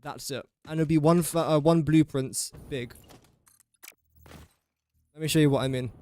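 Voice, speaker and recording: A young English man live-streams a building game, chatting casually and talking himself through each step. His fairly high voice holds a steady tone, with a mellow quality and a slightly slow pace.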